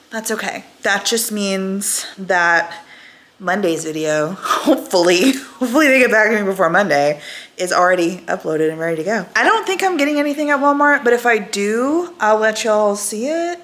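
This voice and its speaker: A woman's voice: medium pitch, a bit bright. A woman, chatting casually to her phone camera in a rambling way, full of "like" and "right?". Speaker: vlogger.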